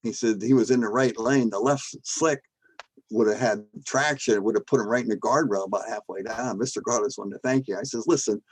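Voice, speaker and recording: Older man telling a lively story. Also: fairly low pitch, fairly quick, husky, no echo, low-quality recording. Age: 70s. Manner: animated, acts out shouting in his quotes, laughs between lines. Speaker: guest, former drag strip starter.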